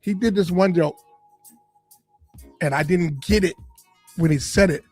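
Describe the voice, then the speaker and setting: A man, a comedian and radio personality, telling stories from his life in an animated interview style and acting out the voices of people in them. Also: sits high, measured pace, faint music behind. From Boston area. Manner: animated storyteller, acts out quoted voices. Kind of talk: storytelling interview. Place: podcast studio.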